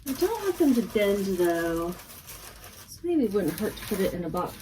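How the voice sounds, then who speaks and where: Texas woman chatting while she packs orders, thinks out loud, corrects herself a lot, bit of faint noise behind. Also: medium pitch, big pitch swings, measured pace. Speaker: online reseller. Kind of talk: casual chat while packing orders.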